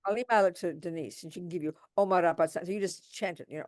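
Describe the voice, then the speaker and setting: A woman's voice: lowish voice, fast talker, few pauses, dry recording, studio quality. An older woman teaching Buddhist practice on a video call, direct and emphatic, calling listeners sweetheart and darling. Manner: warm, direct, calls people sweetheart and darling.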